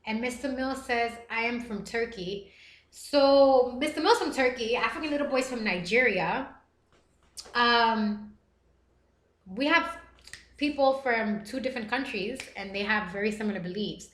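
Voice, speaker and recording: A woman's voice: on the high side, measured pace, a bit bright, reverberant. A woman hosting a live stream, reading chat messages aloud and talking earnestly and emotionally. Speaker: livestream host reading chat. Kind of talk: casual live-stream talk.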